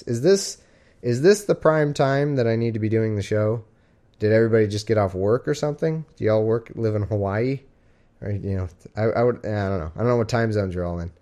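A man's voice: on the low side, mellow. A man hosting a podcast livestream from home, chatting casually and rambling with jokes and fillers. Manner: rambling, joking, with many fillers. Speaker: podcast host. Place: at home with his cat.

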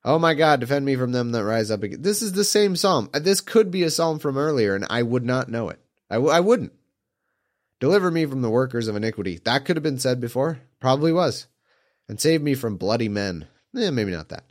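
A slightly hoarse man reading old scripture aloud and breaking off into mocking, incredulous asides. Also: medium pitch, big pitch swings, fairly quick.

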